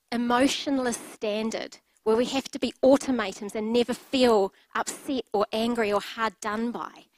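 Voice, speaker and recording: A middle-aged woman preaches a sermon, sharing her own stories in a candid, open way. Her voice sits a little high, and the sound is close and dry, with no room around it. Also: no room sound, low-quality recording. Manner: candid, personal storytelling with light laughs.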